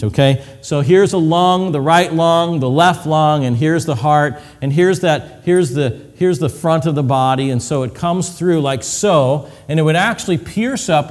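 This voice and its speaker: In a fairly high yet darkish voice, a man preaches a sermon with slides, acting out cries and whispers and adding medical detail in a vivid, hands-on way. A long hall reverb surrounds the recording.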